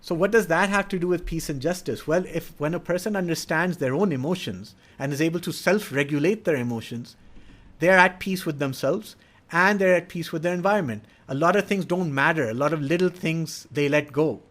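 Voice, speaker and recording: A middle-aged man with a slightly higher speaking voice gives an earnest, patient explanation. He teaches as he talks, now and then slipping into the lines a parent or child might say to show his point. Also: fairly quick, a bit bright. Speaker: educator speaking on child development. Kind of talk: explanatory talk.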